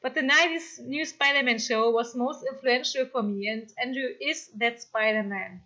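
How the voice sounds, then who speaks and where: A woman with a German accent chats casually on a live stream, reading comments aloud and excitably apologizing often. Her voice is a little high, her pace moderate, and the sound lo-fi.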